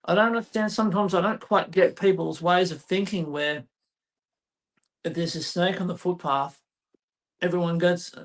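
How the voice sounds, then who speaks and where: A man's voice: sits high, steady tone, normal speed, long pauses. An Australian man who works as a fauna spotter, talking casually in a blunt, exasperated way. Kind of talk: casual chat.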